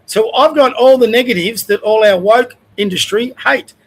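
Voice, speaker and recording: A man's voice: very high voice, normal speed, rough recording. An older Australian man hosting a livestream, giving blunt, conversational opinions in a casual rant. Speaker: livestream host.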